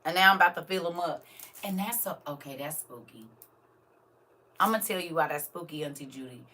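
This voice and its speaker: An older grandmother chats on a live stream, talking right to her viewers. Her voice is bright and a little tense. She sits a bit back from the camera mic, so she sounds slightly distant. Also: sits low, a little fast. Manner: chatty, talks straight to viewers. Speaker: vlogger. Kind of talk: casual live stream chat.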